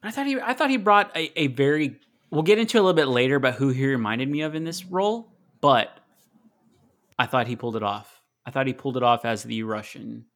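A man's voice: medium pitch, brisk, a bit bright. Opinionated man rambling about movies. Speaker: podcast co-host. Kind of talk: casual movie-discussion chat.

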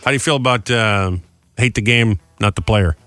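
A man's voice: on the low side, moderate pace, a bit bright, dry recording, faint music behind. A middle-aged man co-hosting a morning radio show, chatty and self-deprecating in casual studio banter. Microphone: studio microphone.

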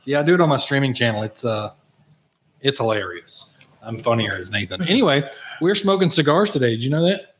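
A man's voice: medium pitch, expressive, brisk, slight background noise. A man hosting a casual cigar podcast, joking and playful with his co-hosts. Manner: joking, playful, puts on silly voices. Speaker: podcast host. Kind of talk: casual banter.

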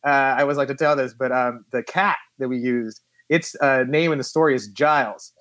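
A man who is a film producer, telling lively stories in a casual interview and acting out quotes. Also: medium pitch, fairly quick, no echo. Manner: animated storyteller who acts out quotes.

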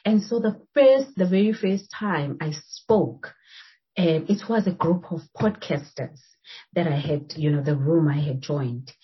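South African woman podcast host, very husky, low-ish voice, lively and laughing, muffled remote line. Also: measured pace. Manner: laughs often, animated. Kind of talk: casual chat.

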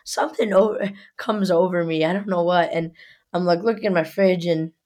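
A woman's voice: fairly low pitch, steady tone, moderate pace, a little mellow. A young woman co-hosting a podcast, telling a story in casual chat with lots of swearing and heat. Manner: profane, heated storytelling. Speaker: podcast co-host.

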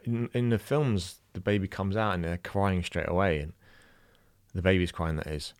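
A young Irish man with a low, deep voice recounts a personal story, halting and emotional, often restarting his sentences. The recording is close and dry, with no room sound. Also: clean tone, no echo. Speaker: new father telling a birth story.

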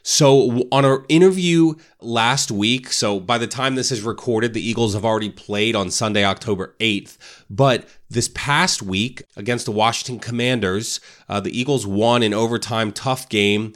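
A man's voice: mid-range voice, moderate pace, fairly bright tone. A man hosting a motivational talk for realtors, casual, often tagging "right?" onto his points. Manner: casual, keeps asking "right?". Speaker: real estate podcast host.

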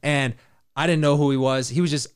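A young adult man hosting a podcast, telling a story in a loose, animated way and laughing often. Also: medium pitch, fairly quick, clear, resonant tone. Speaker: podcast host, dating coach. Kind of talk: casual storytelling chat.

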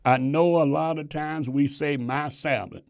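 A man's voice: a little high, fairly even intonation, normal speed, a little mellow. A man preaching a sermon to his congregation, emphatic and repeating phrases for stress.

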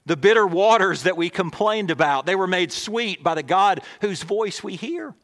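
A man's voice: high voice, lively intonation, normal speed, in a large hall. Preacher man with dramatic swings. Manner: dramatic, swings from emphatic to hushed. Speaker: pastor. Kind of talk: sermon.

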